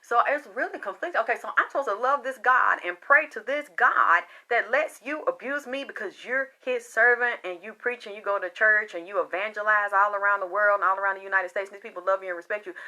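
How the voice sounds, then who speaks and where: A woman's voice: medium pitch, bright, forceful tone. A woman working as a spiritual reader, talking in a casual, impassioned monologue that is rambling and full of swearing.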